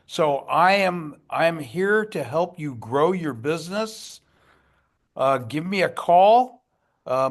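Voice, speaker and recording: A man making a salesy networking pitch for his video services, with fillers. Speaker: video producer.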